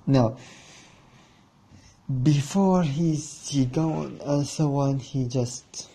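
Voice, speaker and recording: Male host, dark husky voice, unhurried rambling anecdote with quoted back-and-forth. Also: medium pitch. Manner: rambling, restarts, acts out the other side of a haggle. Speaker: podcast host. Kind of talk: casual storytelling monologue.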